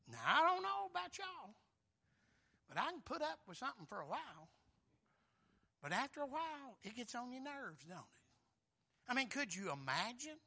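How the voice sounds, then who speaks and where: A man preaching a sermon in a folksy, emphatic way, swinging between loud and soft. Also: extremely high pitch, expressive, moderate pace.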